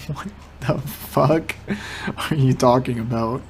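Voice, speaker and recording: Young guy reacting to debate clips, kinda high voice, swears a lot, gets loud and hyped. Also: normal speed. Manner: excitable, swears, laughs often. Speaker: reaction streamer. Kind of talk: casual reaction commentary.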